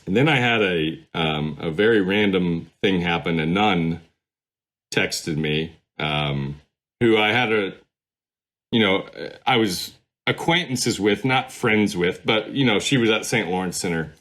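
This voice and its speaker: A man's voice: low-pitched, unhurried, fairly bright tone. A middle-aged man, a former pastor, telling his story as a podcast guest in a rambling, casual way. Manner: rambling, many fillers and restarts.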